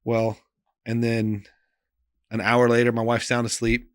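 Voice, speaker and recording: A man, a pastor, telling a personal story in an interview in an earnest, emotional way, often trailing off soft and quiet, with loose phrasing and many fillers. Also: mid-range voice, completely flat delivery, a little slow, smooth, no echo, studio quality.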